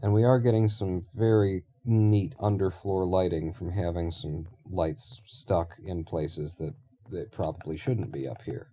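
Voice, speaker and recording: A man's voice: sits low, fairly even intonation, unhurried, warm tone. A man streaming a building game, rambling and thinking aloud in casual talk with offhand swearing.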